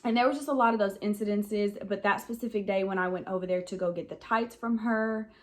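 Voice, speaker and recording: A woman's voice: mid-range voice, fairly even intonation, a little fast. A young adult woman telling a personal story in a casual vlog, rambling and frank with many "um"s and "like"s. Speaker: vlogger.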